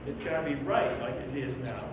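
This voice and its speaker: A man's voice: medium pitch, fairly quick, highs cut off. Echoey, distant man coaching a band. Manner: animated and joking, sings rhythms aloud. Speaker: band clinician conducting a rehearsal. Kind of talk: rehearsal instruction. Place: school band room, indoors. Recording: very echoey room from far off with background noise.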